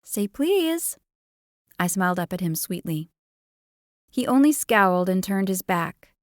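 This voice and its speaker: A woman narrating a first-person romance audiobook in an expressive, playful way, on a close studio mic. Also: lowish voice, moderate pace, dry recording.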